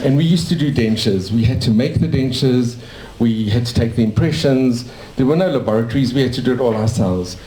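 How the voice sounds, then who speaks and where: Older man from South Africa, dentist sharing memories, mellow voice, roomy cafe sound. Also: medium pitch, brisk, few pauses, slight background noise. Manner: rambling, warm anecdotal storytelling with restarts. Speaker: dentist telling his life story. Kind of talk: casual storytelling to a small audience. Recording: echoey cafe room.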